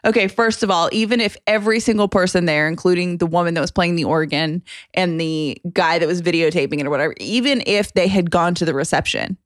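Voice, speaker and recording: A woman co-hosting a podcast, chatting casually and retelling a weekend story with lively asides. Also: fairly low pitch, quick pace, no echo, studio quality. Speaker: podcast co-host. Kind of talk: casual chat.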